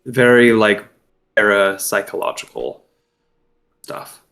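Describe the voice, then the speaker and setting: A man's voice: lowish voice, fairly even intonation, slow pace, creaky, a bit bright. A man playing a tabletop game, explaining his character casually with lots of fillers. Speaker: player.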